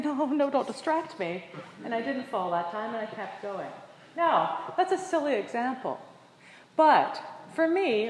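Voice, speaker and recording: A woman preaches a sermon at a mid pitch and tells her story with lively voices for the people in it. Her voice rings through an echoey hall with a long reverb tail. A faint room ambience sits underneath. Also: slight background noise. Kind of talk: sermon with personal anecdote.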